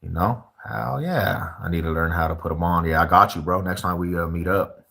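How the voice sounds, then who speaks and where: A man's voice: sits low, a little fast, creaky, sharp tone, husky. A young man from Colorado chatting casually with viewers on a livestream, laid-back and full of street slang. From Colorado, USA.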